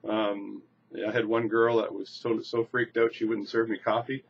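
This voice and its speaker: A man casually demonstrating a coin magic trick, relaxed and restarting phrases as he shows each move. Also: fairly low pitch, moderate pace, gravelly. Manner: relaxed, repeats words and restarts while demonstrating. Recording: slightly dull lo-fi recording with faint noise.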